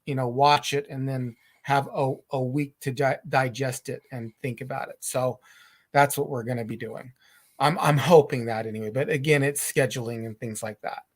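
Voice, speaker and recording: Rambling middle-aged male podcast host. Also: mid-range voice. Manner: rambling, halting, many restarts. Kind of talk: casual live-stream chat.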